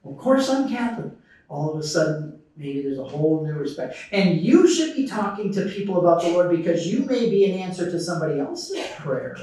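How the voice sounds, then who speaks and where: A middle-aged conference speaker with a slightly high voice talks briskly and barely pauses, telling animated stories, acting out quotes, and taking questions from the audience. His voice is picked up from far off in a large, echoey hall.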